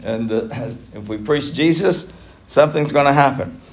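A man's voice: medium pitch, normal speed, noisy background. A man teaching an adult Bible class, emphatic, chuckling between points and repeating key phrases for emphasis.

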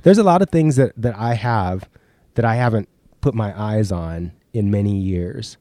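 Man, middle-aged, stuffy with a cold, lowish voice, dry close mic, candid casual podcast talk. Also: animated, normal speed, mellow, dry recording. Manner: candid, swears casually, restarts sentences. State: congested with a cold. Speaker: podcast co-host.

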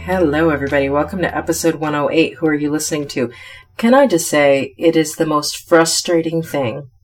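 A woman's voice: low voice, a little fast, soft background music. A woman hosting a solo podcast, talking candidly and thinking aloud to her listeners. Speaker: podcast host.

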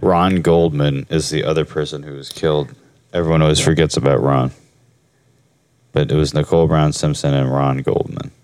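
A man's voice: very deep voice, level tone, normal speed, a little mellow, smooth. A man co-hosting a podcast, reading facts aloud and giving terse replies in casual chat. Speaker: podcast co-host.

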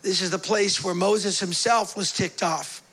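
Bright high-voiced man preaching a sermon. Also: a little slow, breathy edge. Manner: animated and conversational, with playful asides; reads scripture aloud, voicing the quoted figures. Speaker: pastor.

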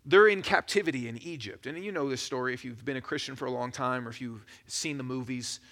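A man preaching a sermon as a pastor, in a conversational, animated storytelling manner. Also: medium pitch, fast.

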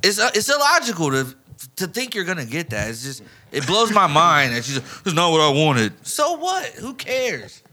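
A man argues his point on a podcast in a high voice. His pitch swings widely and his tone is very bright and sharp. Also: brisk. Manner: argumentative, lively. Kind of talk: casual chat.

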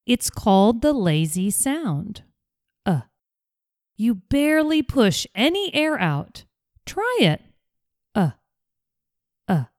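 A woman hosting a scripted English pronunciation podcast, modeling sounds slowly and carefully. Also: fairly high pitch, darkish tone, no echo, studio quality.

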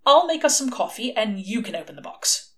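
A woman's voice: on the high side, big pitch swings, brisk. A woman doing a dry, wary young man. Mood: coaxing. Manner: dry, sarcastic.

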